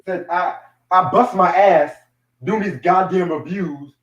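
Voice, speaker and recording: On this dull, lo-fi podcast, the young music reviewer's voice sits high and husky, and he speaks at a measured pace. His chat is blunt and lively, full of swearing and frequent laughter.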